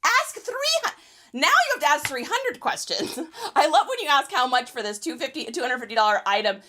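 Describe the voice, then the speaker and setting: Woman livestream host, bright higher voice, fast and chatty, laughs a lot while answering viewers. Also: animated, slight background noise. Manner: quick, chatty, laughs often. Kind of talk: casual livestream chat with viewer questions.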